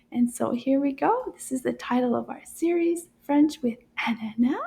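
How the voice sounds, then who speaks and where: A woman with a high, slightly gravelly voice gives a French lesson for young children. She talks slowly and warmly encourages her listeners, sounding out each word carefully so they can say it back. Her delivery is patient and clear. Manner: encouraging, repeats words slowly for children to echo.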